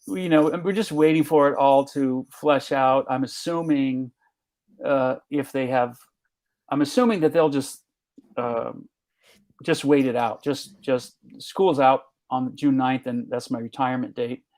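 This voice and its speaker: A man in his sixties, a retiring teacher, speaking as a guest in a halting, measured way with many restarts. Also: medium pitch, fairly even intonation, darkish tone. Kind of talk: conversational interview.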